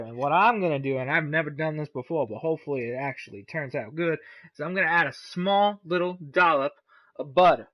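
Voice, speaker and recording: A man's voice: a little high, brisk, a bit bright. A man hosting a casual cooking vlog, rambling and swearing as he talks through each step. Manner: rambling, profane, chatty.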